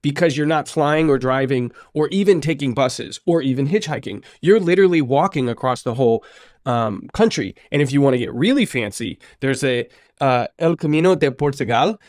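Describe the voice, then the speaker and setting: A man hosting an interview podcast, telling stories in an animated way and acting out the people he quotes. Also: medium pitch, moderate pace, no echo, studio quality. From United States. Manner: animated storyteller, acts out quoted speech. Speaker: podcast host. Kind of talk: conversational interview.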